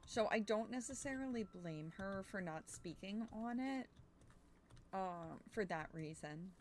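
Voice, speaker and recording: A woman's voice: medium pitch, expressive, measured pace, slight background noise. A young woman streamer chatting casually while playing a game, thinking aloud and swearing now and then. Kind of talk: casual gameplay chat.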